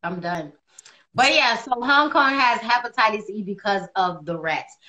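A woman co-hosting a casual livestream chat over a phone mic, chatty and quick to agree with short replies. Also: mid-range voice, expressive, bright, forceful tone, highs cut off. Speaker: livestream co-host. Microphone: phone mic on a social media livestream.

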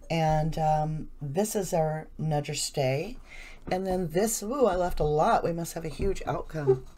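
Chatty woman tarot reader, low voice. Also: slight background noise. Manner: chatty, effusive, rambling. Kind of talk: casual tarot reading.

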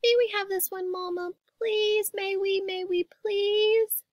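A woman voicing eager young bear cubs who plead in high, excited voices. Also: slow pace, no room sound, lo-fi sound.

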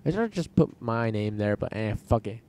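A man's voice: fairly low pitch, expressive, a little fast, darkish tone. A young man casually commentating his basketball video game, rambling, sarcastic and profane. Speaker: gaming channel host.

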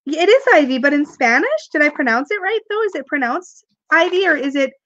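A woman's voice: high voice, animated, brisk, a bit bright, no room sound, muffled recording. A woman with a cough chatting on a live stream, rambling, laughing and reading viewer comments aloud while she unboxes. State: has a cough, sucking cough drops. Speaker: tarot video creator doing a live unboxing. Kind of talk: casual live-stream chat.

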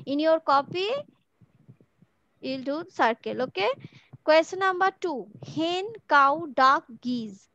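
A woman's voice: high voice, animated, slow pace, long pauses, a bit bright, lo-fi sound. A woman teaching an online class, patiently repeating each question and word for her pupils. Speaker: school teacher. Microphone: video call from home.

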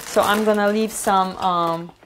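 A woman's voice: mid-range voice, fairly even intonation, measured pace, fairly bright tone, slight background noise. A woman hosts a live cooking demo from her home kitchen. She talks eagerly and loosely, with many fillers and self-corrections. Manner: chatty, enthusiastic, many fillers and restarts. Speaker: cooking show host.

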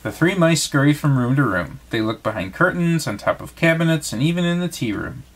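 A man's voice: fairly high pitch, animated, brisk. A man reading a bedtime story aloud as a father, narrating expressively.

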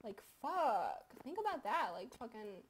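High-voiced giggly young woman gaming. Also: sing-song, measured pace, slight background noise. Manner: rambling, swearing, giggly, self-mocking. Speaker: gaming YouTuber. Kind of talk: casual gaming commentary.

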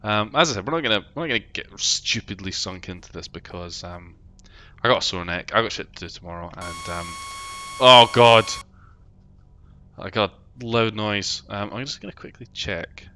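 Bright-toned London man rambling on stream. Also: low-pitched, a little fast. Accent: London English. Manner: rambling, jokey, swears casually, reads out chat. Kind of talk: casual live-stream chat while gaming. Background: game music.

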